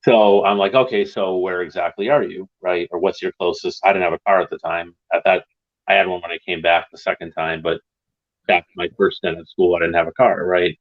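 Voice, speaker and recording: A man in his fifties from Massachusetts, with a deep, low-pitched voice on a dull, muffled line. He tells a rambling story in casual chat and keeps tagging his lines with "right?". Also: flat delivery, fairly quick.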